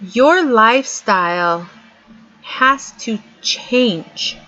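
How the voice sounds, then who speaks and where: Speaking very slowly yet animatedly, the vlogger uses a bright, forceful, slightly high voice. She's middle-aged and delivers an earnest motivational talk, hammering points home through repetition, with dull lo-fi sound.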